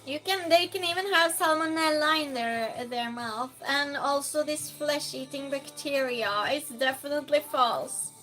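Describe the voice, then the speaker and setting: A high, bright woman's voice that talks slowly and casually, reading her viewers' answers aloud. She swings between loud bursts and soft near-whispers, with faint music playing underneath. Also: fairly even intonation. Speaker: streamer hosting a quiz game. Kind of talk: casual live-stream chat.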